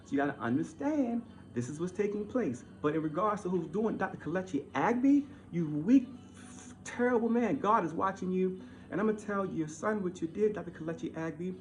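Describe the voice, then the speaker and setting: Heated man ranting. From Baltimore. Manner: heated, repetitive, swings from loud to low. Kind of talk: ranting monologue.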